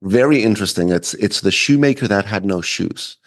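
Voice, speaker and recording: A man's voice: on the low side, expressive, fairly quick. A man hosting a casual interview, talking loosely with many fillers and tag questions. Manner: filler-heavy, asks with frequent "right?". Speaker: podcast host.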